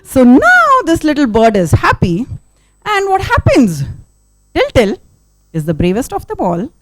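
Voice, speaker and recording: A woman telling a story to children at a live event, bouncing her fairly high voice up and down. She peppers the tale with playful sound effects and keeps asking her young listeners questions. Her voice sounds close and dry, with hardly any room around it. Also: measured pace, no room sound. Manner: animated, asks the audience questions, sound effects.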